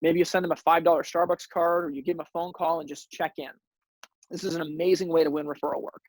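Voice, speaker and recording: A man's voice: a little high, little pitch movement, fast, rough recording. A man hosting a sales training webinar, coaching his audience with energy and often repeating words as he starts a sentence. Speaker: webinar host.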